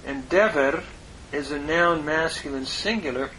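Slow, bright-voiced man teaching scripture. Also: fairly high pitch, a little hiss or hum, rough recording. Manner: measured, deliberate, parsing Hebrew grammar. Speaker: Bible teacher. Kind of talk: slow expository Bible lesson.

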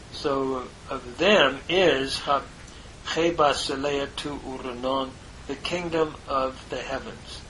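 Slow, halting man teaching Greek. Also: medium pitch, pushed and bright, slight background noise, poor audio. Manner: deliberate, halting, with many fillers. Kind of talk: slow parsing of a biblical text.

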